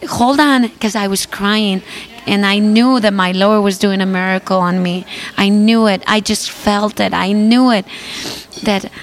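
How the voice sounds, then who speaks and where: A woman's voice: medium pitch, level tone, measured pace, a little hiss or hum. A woman guest singer giving an earnest faith testimony, retelling scenes by quoting what people said. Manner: earnest storytelling, quoting dialogue.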